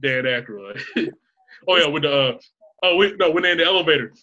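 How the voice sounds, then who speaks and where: A man's voice: on the high side, lively intonation, fairly quick, pauses often, sharp tone, dull audio. A man chatting casually as co-host, cursing freely, laughing often and acting out movie lines. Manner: profane, laughs a lot, acts out movie quotes. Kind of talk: casual chat.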